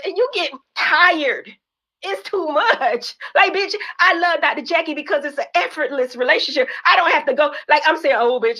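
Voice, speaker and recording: A woman's voice: high voice, bright, forceful tone, low-quality recording. An older woman talking bluntly and emotionally in a heated podcast chat, swearing freely and rambling. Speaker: reality TV guest.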